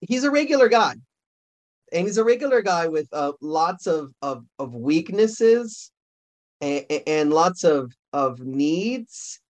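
Male pastor, relaxed conversational sermon delivery, stops to fix his own slips, voice sits a bit high. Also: slow. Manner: conversational, restarts and self-corrections. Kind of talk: sermon with scripture reading.

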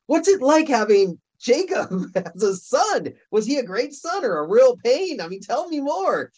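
A man voicing an imagined awestruck man who gushes with excitement on meeting biblical patriarchs in heaven. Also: very high voice, unhurried, husky, pitched above the performer's own voice, heavily acted. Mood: starstruck. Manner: gushing, excited, stumbling.

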